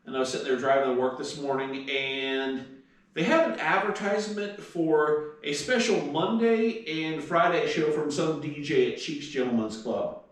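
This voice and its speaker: A man's voice: fairly high pitch, normal speed, distant mic. A man co-hosting a podcast, talking in a laid-back, wry and profane way. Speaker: podcast co-host. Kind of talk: casual chat. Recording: echoey room, off-mic.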